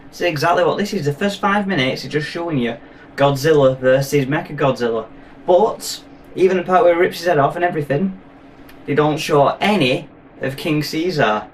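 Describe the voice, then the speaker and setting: A man chatting through a film review in a rambling, playful way. His voice sits a little high for a man. It sounds like he's a bit away from the microphone, with a faint hiss of background noise. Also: distant mic. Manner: rambling, jokey, playful asides. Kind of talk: casual film review chat.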